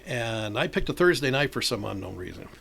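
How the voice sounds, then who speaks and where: Gravelly, animated older storytelling man. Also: medium pitch, a little fast, a little hiss or hum. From northern Illinois, USA. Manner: animated storyteller acting out quoted voices, laughs often. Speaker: chess club organizer, interview guest. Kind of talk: casual storytelling interview.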